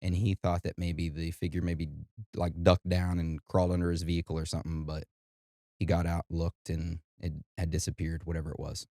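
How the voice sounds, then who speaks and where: A man from Brooklyn hosting a podcast, chatting in a relaxed, joking way. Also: low voice, brisk, dry recording, clean studio sound. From Brooklyn, New York. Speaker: podcast host. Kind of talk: casual podcast chat.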